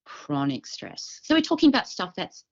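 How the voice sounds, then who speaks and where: A woman co-hosting a health podcast, explaining symptoms from her clinical work in a relaxed chat and acting out what patients say. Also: mid-range voice, normal speed, dull audio. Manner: explanatory, acts out patients' quotes. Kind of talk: casual chat.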